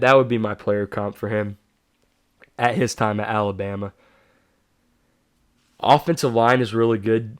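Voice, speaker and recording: A man's voice: medium pitch, no echo, studio quality. A man hosting his own sports show, giving casual, self-correcting predictions and hyping players. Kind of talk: solo sports prediction talk.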